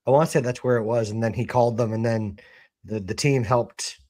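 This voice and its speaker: A man's voice: medium pitch, steady tone, fairly quick, darkish tone, no echo, studio quality. A man co-hosting a sports chat, rambling through his stories and ribbing the others with jokes. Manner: joking, ribbing, rambling with fillers. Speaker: co-host. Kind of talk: casual chat.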